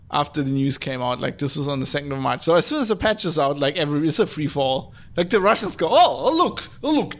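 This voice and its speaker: A man's voice: a little high, creaky. A man hosting a podcast, ranting casually and swearing, with many fillers. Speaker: podcast host. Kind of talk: casual chat.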